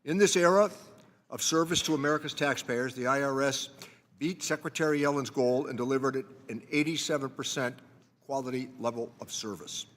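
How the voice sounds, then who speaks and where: A man, the ranking committee member, reading a measured, formal opening statement at a desk microphone in a large hearing room. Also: medium pitch, a bit bright, big-room sound. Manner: measured, reading prepared remarks.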